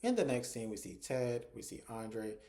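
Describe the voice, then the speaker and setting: A man with a mellow, warm voice talks through a TV episode in a relaxed, conversational way. He strings the scenes together with "and so" and "like", as if telling a friend what happened. His pitch sits in an ordinary middle range. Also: moderate pace. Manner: retells scenes conversationally, often with "and so" and "like". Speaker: TV episode reviewer. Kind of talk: casual episode recap.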